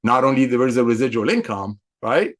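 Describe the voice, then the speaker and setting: A man speaking as a company executive to his affiliates, in an excitable motivational sales talk full of repetition and emphatic, preacher-like stresses. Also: medium pitch, a little fast.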